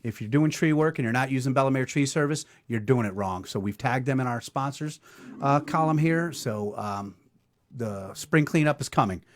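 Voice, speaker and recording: A man's voice: mid-range voice, moderate pace. A middle-aged man hosting a casual podcast, ribbing his co-host with sarcastic, profane banter.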